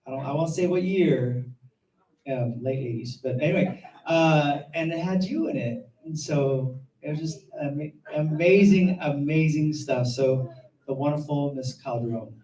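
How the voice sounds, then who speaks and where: A man hosting a school ceremony, excited and enthusiastic as he introduces speakers. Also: fairly high pitch, a little slow. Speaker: master of ceremonies. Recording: echoey room with crowd, distant mic.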